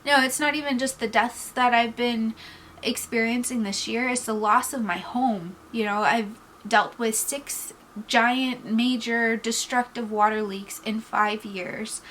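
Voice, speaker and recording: A woman's voice: fairly high pitch, steady tone, fairly bright tone, low-quality recording. Woman, beauty vlogger, candid and reflective, teary-eyed; faint room noise. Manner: candid, reflective, trailing off into pauses. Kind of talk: casual get-ready-with-me chat.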